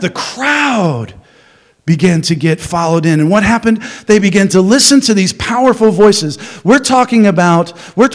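A man preaching a sermon as pastor, animated, acting out crowd voices, with many restarts. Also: high voice.

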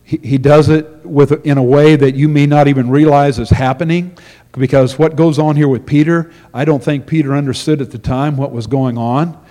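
Man, pastor, sermon, earnest, repeats words, mellow tone, long hall reverb. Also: on the high side.

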